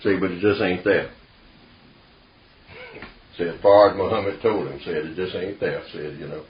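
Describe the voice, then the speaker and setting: Low-voiced man holding forth at a group talk, folksy and emphatic, dull echoey recording. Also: steady tone, unhurried, pauses often. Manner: emphatic, folksy speech with frequent "see" and "you know". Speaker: discussion leader. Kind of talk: informal group discussion. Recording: echoey room, dull lo-fi sound.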